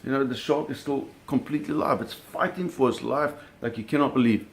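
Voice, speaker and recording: Brisk and steady-toned, with a mid-range voice, this man tells a vivid story from his own life in a casual way, swearing freely and performing the noises and moments he describes.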